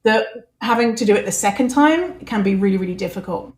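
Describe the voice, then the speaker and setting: A woman's voice: medium pitch, lively intonation, fast. A woman hosting a podcast, talking candidly and laughing easily in casual chat. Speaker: podcast host. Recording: echoey room.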